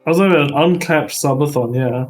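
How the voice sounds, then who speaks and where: A man's voice: a little high, fast talker, soft background music. A man bantering and teasing his friends on a casual stream. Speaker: co-player on stream.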